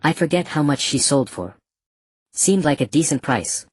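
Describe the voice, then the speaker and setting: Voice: medium pitch, lively intonation, normal speed, husky, dry recording, studio quality. A narrator voicing a cruel, mocking male slave trader in a black robe, speaking casually and scornfully. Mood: cold mockery. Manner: casual, scornful, matter-of-fact.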